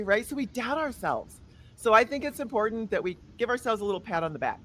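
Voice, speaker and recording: A woman's voice: fairly high pitch, expressive, fast talker. A woman hosting a podcast, chatting with guests in an upbeat, enthusiastic way. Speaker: podcast host. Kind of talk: casual podcast chat.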